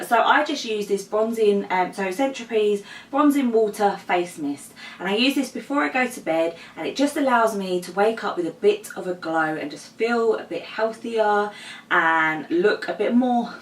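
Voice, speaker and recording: A woman's voice: mid-range voice, a bit bright. A young woman, heavily pregnant and a little out of breath, chatting casually to camera in a vlog with lots of ums and likes. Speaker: vlogger. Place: home room, mower outside. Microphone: camera mic. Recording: echoey room, camera a bit far.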